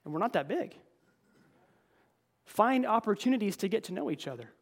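A man's voice: sits high, big pitch swings, moderate pace. A man preaching a conversational sermon in a church, earnest, often repeating words and calling the congregation folks. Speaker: pastor.

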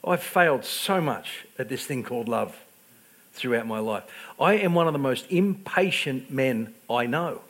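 A middle-aged man preaching a sermon, telling self-deprecating stories with stammered restarts and swinging between loud outbursts and quiet asides. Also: mid-range voice, lively intonation, measured pace. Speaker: pastor.

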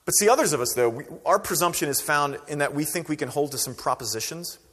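A man preaching a sermon as pastor, conversational and animated, acting out quoted voices. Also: on the high side, fast, big-room sound.

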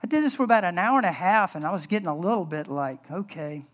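A man's voice: high-pitched, sing-song, fast, a bit bright. A man preaching a sermon as pastor in an earnest, conversational way.

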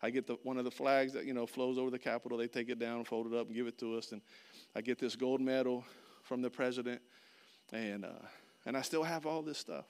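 A man preaching a sermon, telling a personal story with lively swings between loud outbursts and hushed, earnest passages. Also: mid-range voice, brisk, clear, resonant tone. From Florida. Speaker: pastor.

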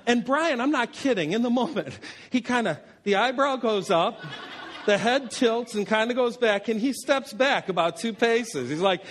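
A man's voice: extremely high pitch, lively intonation, normal speed, fairly bright tone. A man preaching a sermon as pastor, telling anecdotes with self-deprecating humor in a church.

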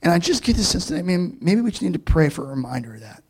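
A man's voice: a little high, big pitch swings, quick pace, husky. A man preaching a sermon as a pastor, in a casual, conversational way with many fillers before he leads a prayer.

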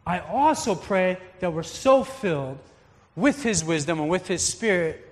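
Earnest pastor preaching in a reverberant hall. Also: male voice, sits high, expressive, measured pace. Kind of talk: sermon.

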